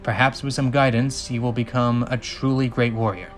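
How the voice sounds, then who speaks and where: Man playing a rough warrior dragon, lower voice, slow and judging. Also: flat delivery, faint music behind, natural voice. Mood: stern. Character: rough, mighty green male dragon warrior.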